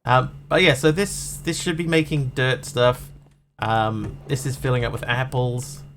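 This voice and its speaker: A man's voice: medium pitch, steady tone, unhurried, fairly bright tone, slight background noise. A man chatting casually and rambling on a live stream while he plays a game, joking at his own expense. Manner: chatty, rambling, self-mocking.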